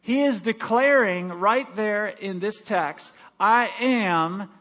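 Male pastor, high voice, emphatic sermon delivery, loud proclamations and soft asides. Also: takes it slowly. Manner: emphatic, swings between loud declarations and quiet asides.

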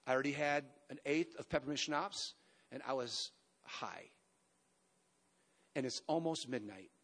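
A man in his fifties preaching a sermon in a large church, telling his story in an animated way with emphatic pauses and sudden loud bursts. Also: a little high.

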